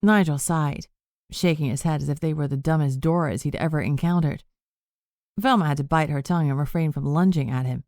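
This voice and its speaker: A woman narrates an audiobook in a steady, even way. Her voice sits low. The recording is close and completely dry. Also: brisk, no room sound. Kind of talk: scripted narration.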